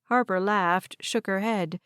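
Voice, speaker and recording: A woman reading audiobook narration in an even, measured way. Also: medium pitch, clean tone, no echo, studio quality.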